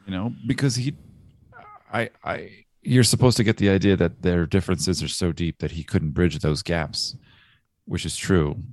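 Gravelly low-voiced man chatting about a film. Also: moderate pace, no echo, studio quality. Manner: animated, acts out quoted dialogue, laughs often. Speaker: film discussion co-host. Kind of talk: casual film discussion.

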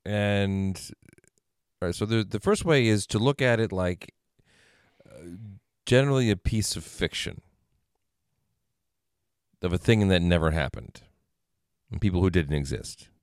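Male podcast co-host, deep but animated, smooth voice, dry close mic. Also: a little slow, pauses often, dry recording. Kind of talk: casual movie review chat.

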